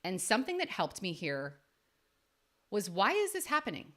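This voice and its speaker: A woman in her thirties hosts a faith-based coaching podcast. Her voice is bright and lively, and it jumps up for emphasis as she speaks earnestly to her listeners. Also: normal speed. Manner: earnest and emphatic, with sudden rises in pitch. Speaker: podcast host and life coach. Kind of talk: faith-based motivational talk.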